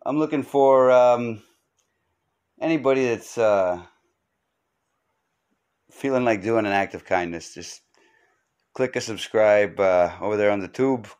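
Male podcast host, lowish voice, slow rambling delivery, wry comic monologue with fillers. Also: darkish tone, clear, resonant tone. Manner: wry, joking asides with frequent fillers.

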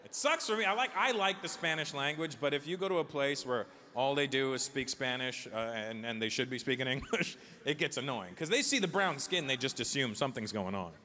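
A man in his forties performing a stand-up comedy set, talking animatedly and acting out characters in quick bits. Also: medium pitch, expressive, bright, forceful tone, a little hiss or hum. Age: 40s. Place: large theater with a live audience.

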